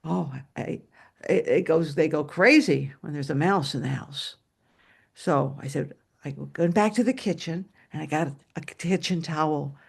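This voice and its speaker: A woman storyteller telling a personal tale aloud over a video call, animated and dramatic. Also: normal speed, vocal fry, husky. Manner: animated and dramatic, shouting at high points. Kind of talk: live oral storytelling.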